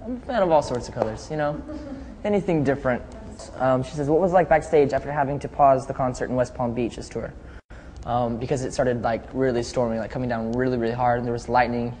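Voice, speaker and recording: A man's voice: mid-range voice, quick pace, a little mellow. Young adult male, pop singer in a casual live chat, loose and chatty with frequent laughs. Long reverb, faint noise floor. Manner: easygoing, chatty, laughs often, reads out fan questions. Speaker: pop singer answering fan questions.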